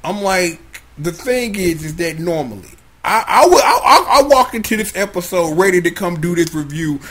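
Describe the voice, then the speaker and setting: A young man giving a casual comedic episode review, slangy, profane and animated. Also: high voice, moderate pace, breathy edge.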